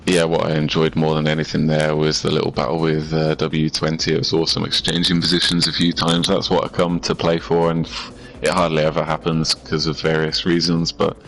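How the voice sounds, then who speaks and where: A man chatting easily about a video game race he has just driven, friendly and relaxed. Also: extremely low pitch, brisk, slight background noise, low-quality recording. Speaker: co-commentator and racer. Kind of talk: casual chat about a race.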